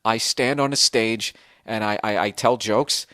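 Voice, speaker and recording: A man's voice: on the low side, steady tone, unhurried, pushed and bright, dry recording, studio quality. A man from the United States hosting a podcast, ranting in a sarcastic, profane and exasperated way. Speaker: podcast host. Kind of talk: comedic podcast rant.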